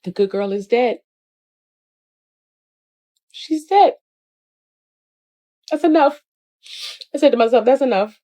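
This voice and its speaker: Woman in her 40s venting hard, mellow dark tone. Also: a little high, expressive, slow pace, pauses often. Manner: intense, building to shouts. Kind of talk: emotional monologue.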